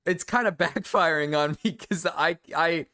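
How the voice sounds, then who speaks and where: A young man streaming live and reacting to videos, excitable and giggly, swearing freely. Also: fairly high pitch, a little slow, slight background noise.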